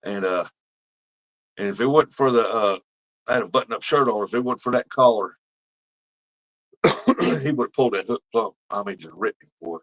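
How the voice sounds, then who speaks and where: A man's voice: on the low side, lively intonation, moderate pace, pauses often, a bit bright, low-quality recording. A middle-aged man, rambling through fishing stories as he chats with viewers on his livestream. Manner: folksy rambling storyteller. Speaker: livestream host. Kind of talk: casual chat with viewers.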